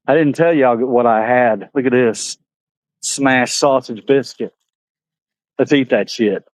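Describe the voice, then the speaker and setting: A vlogger with a handheld camera chats casually outdoors at an animal park, talking to the animals in a high sing-song. He speaks slowly, and the recording has no room sound.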